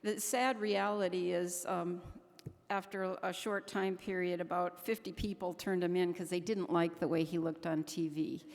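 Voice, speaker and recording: An older woman speaks earnestly from a conference stage, her low voice carrying through a large, echoing hall. She talks haltingly, often restarting her sentences as she goes. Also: steady tone, darkish tone. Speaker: keynote speaker. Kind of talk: conference speech. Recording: echoey hall.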